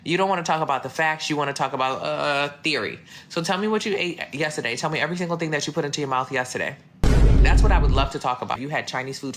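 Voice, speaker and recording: A man answering live comments as a fitness coach, blunt and mocking as he reads questions and roasts the people who sent them. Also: a little high. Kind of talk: blunt livestream Q&A. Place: indoors at home, streaming live. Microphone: phone mic. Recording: music playing behind.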